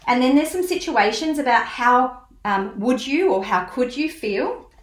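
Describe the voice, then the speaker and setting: A woman's voice: high-pitched, expressive, a little hiss or hum. Woman reading a book aloud. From Australia. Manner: teacherly, reads aloud slowly and clearly, asks the listener questions. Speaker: child-safety educator. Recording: roomy echo.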